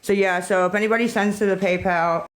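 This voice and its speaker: A woman's voice: mid-range voice, fairly even intonation, a little fast, rough recording. A woman livestreaming on her phone, ranting in an agitated, profane way and rambling between topics. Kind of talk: rambling live-stream talk.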